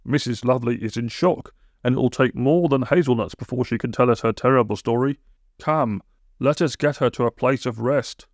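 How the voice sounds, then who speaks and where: A man voicing a calm male companion who speaks in a measured, authoritative way. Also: mid-range voice, no echo, clean studio sound, lightly acted. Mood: commanding.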